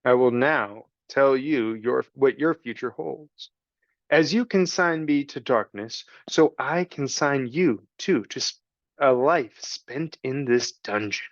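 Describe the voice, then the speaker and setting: A man reading a storybook and voicing a cruel, scheming male rat villain, cold and slow. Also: medium pitch, no room sound, highs cut off. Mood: sneering. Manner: cold, sneering, slow and deliberate.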